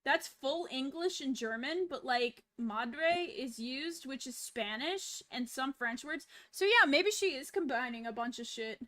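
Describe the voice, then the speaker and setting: A woman streamer talking casually to her chat, unhurried and laid-back, with swearing that slips in easily. Her voice sits high and bright. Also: lively intonation.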